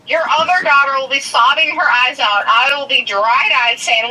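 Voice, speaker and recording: A woman on a phone call with her father, ranting loudly and profanely in a comic, exaggerated way. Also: high voice, moderate pace, hardly any pauses, distant mic. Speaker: caller, host's youngest daughter.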